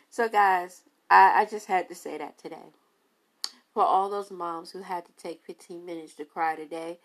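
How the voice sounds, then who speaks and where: A woman, a mother, talking casually and emphatically to her podcast listeners, repeating phrases for effect. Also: on the low side. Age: adult mother. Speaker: podcast host.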